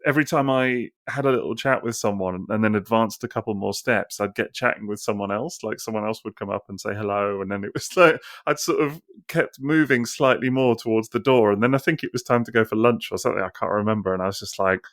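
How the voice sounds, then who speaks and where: A man with a fairly low voice rattles through a casual podcast story, piling on fillers and restarts. The sound is dry and close, with no room around it. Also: a bit bright, dry recording. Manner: quick, rambling storyteller with many fillers. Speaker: podcast co-host. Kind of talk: casual chat.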